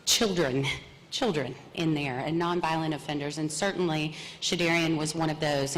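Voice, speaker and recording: A woman lawyer on a panel who explains in a measured way and often checks in with "right?". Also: low-pitched. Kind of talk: panel discussion. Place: conference hall stage. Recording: echoey hall with faint hiss.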